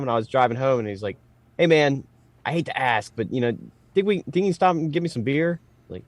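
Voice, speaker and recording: A man's voice: on the high side, dry recording. A man telling rowdy stories as co-host of a casual comedy podcast, swearing freely. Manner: swearing, animated storytelling.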